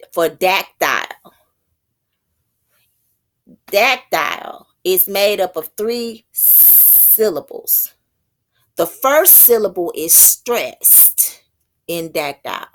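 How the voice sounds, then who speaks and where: In an informal spiritual talk, a woman teaches poetic meter while thinking aloud, slowing to read out terms and tripping over unfamiliar words. Her voice is lowish with a slightly bright quality.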